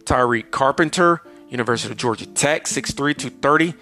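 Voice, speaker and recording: A man talking through a football roster on his own podcast, leaning hard on key words and then rushing through heights, weights and years. His voice sits at an ordinary middle pitch. Faint guitar music plays underneath. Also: pushed and bright. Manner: emphatic, drawn-out delivery with sudden rushes of stats. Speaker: podcast host. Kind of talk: solo sports podcast monologue.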